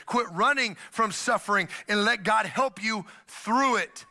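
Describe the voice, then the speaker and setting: A pastor in full sermon mode, his voice sitting high and ringing bright and forceful. He swings between loud emphatic bursts and hushed, serious stretches, acting out the people he quotes. A middle-aged man, driving his point home to the congregation. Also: normal speed, few pauses.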